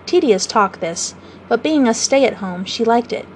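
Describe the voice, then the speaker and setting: A woman storyteller reading a children's book aloud in a measured, gently expressive way. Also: on the high side, slight background noise, poor audio.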